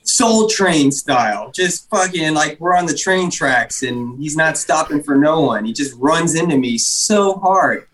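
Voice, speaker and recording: Man, higher voice, quick replies. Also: expressive, fairly bright tone. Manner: chimes in with short replies and laughs. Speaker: podcast guest, basketball player. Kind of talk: casual chat.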